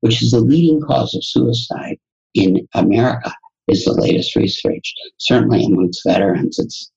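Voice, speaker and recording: A guest educator and entrepreneur tells a personal story in conversation, animatedly acting out the quoted dialogue. His mid-range voice is gravelly and husky at a moderate pace, and the audio sounds dull.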